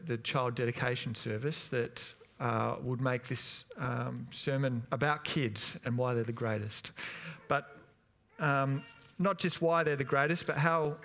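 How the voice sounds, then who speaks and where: A man's voice: mid-range voice, a bit bright. A man, a pastor giving a sermon in a church, telling family anecdotes in a chatty, hesitant way with many fillers.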